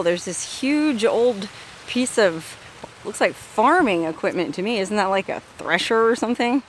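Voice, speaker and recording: A woman's voice: medium pitch, a bit bright. A woman hosting a casual walking-tour vlog outdoors, chatty and upbeat, cooing at animals along the way. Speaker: travel vlogger and host. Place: outdoors at a desert roadside hotel.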